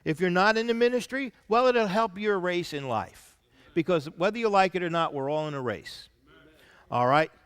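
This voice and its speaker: A man preaching a sermon as senior pastor, reading scripture aloud between his own points and dropping to soft asides. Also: high-pitched, lively intonation, normal speed, clear, resonant tone, long reverb tail.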